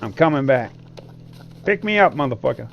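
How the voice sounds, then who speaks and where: A man's voice: medium pitch, very animated, moderate pace, creaky, lo-fi sound, very noisy. A man chatting with teammates during an online game, swearing a lot and complaining about cheaters. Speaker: gamer on a co-stream. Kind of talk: casual game chat with teammates.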